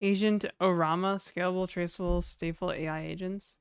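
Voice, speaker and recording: A woman's voice: fairly low pitch, steady tone, brisk, clear, resonant tone, no echo, studio quality. A woman from New Brunswick, chatting casually and rambling on a livestream, joking and laughing often. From New Brunswick, Canada.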